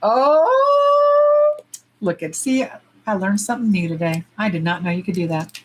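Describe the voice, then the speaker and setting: A middle-aged woman hosting a casual livestream. She talks bluntly with plenty of swearing and sometimes breaks into loud squeals. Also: medium pitch, measured pace, slight background noise, low-quality recording. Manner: blunt, profane and animated, jumping to loud squeals. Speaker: nail polish livestream host. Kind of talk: casual livestream chat while swatching.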